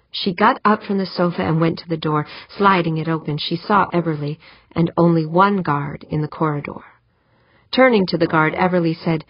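Female narrator, low voice, even storytelling, dry dull lo-fi sound. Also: moderate pace, no room sound. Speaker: audiobook narrator. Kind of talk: scripted narration.

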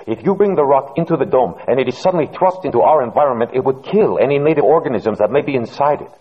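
Eager young woman scientist, commanding and tense, voiced by a man, high and animated. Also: quick pace, slightly rough, dull audio. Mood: insistent. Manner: urgent, commanding. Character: excited, fierce young woman scientist on Mars.

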